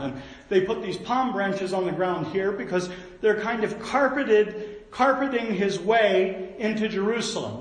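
High-voiced preacher in an echoey hall. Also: male voice. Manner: folksy, animated storytelling with asides. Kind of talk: sermon.

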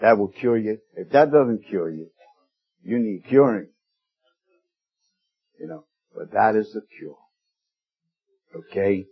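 A man preaching a sermon, telling stories in a folksy way, pushing up for emphasis and dropping soft for quoted words. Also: on the low side, animated, takes it slowly, long pauses, breathy edge, lo-fi sound. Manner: folksy storytelling with rising emphasis and hushed quoted lines.

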